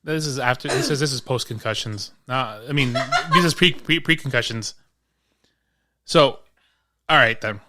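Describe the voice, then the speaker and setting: A man's voice: mid-range voice, moderate pace, very noisy. A man from Queens, co-hosting a podcast in casual chat, joking and telling stories with quoted voices. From Queens, New York. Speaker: podcast co-host.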